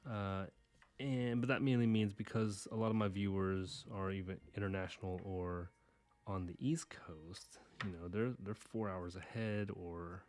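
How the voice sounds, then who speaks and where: A man's voice: deep voice, steady tone, measured pace, a little mellow. A man from Houston with a slight Texas accent, rambling casually and self-deprecatingly while drawing on a live stream. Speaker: livestream artist.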